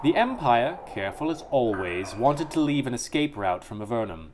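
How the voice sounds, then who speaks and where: A man reading the lines of a cold, vengeful exiled sorceress in a slow, deliberate, menacing way. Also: mid-range voice, big pitch swings, noisy background, natural voice. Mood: scheming.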